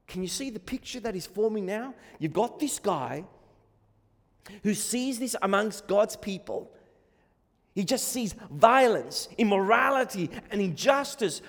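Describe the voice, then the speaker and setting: A man's voice: high voice, lively intonation, unhurried, long reverb tail. A man preaching a sermon, impassioned and pleading, recorded in a church. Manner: impassioned, rising to pleading cries.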